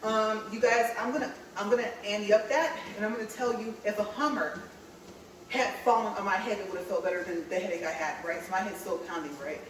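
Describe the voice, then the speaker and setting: Walking a treadmill in an indoor room, a vlogger from California tells viewers a story, laughing frequently. Her voice is mid-range, steady, and fairly quick, picked up by a far-off mic in an echoey space with slight background noise.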